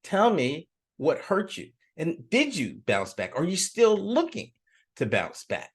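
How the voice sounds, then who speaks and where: A man giving a casual self-help lesson as an animated storyteller with punchy exclamations. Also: a little high, measured pace, slightly rough. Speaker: spiritual self-help teacher.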